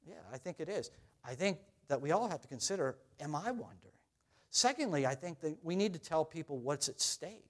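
Preaching earnestly to his congregation, a middle-aged pastor gets loud when quoting scripture and goes low and quiet on his questions. He talks fairly quickly with lively intonation.

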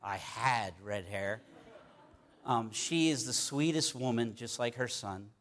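A man's voice: mid-range voice, slow pace, fairly bright tone, a little hiss or hum. A man preaching a sermon in a conversational, folksy way, with many fillers and repeated words.

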